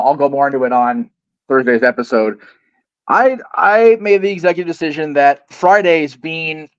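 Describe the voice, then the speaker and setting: A man's voice: medium pitch, no echo, dull audio. A man hosting a casual wrestling talk show, rambling and self-deprecating as he wraps up. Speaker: podcast host. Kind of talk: casual chat.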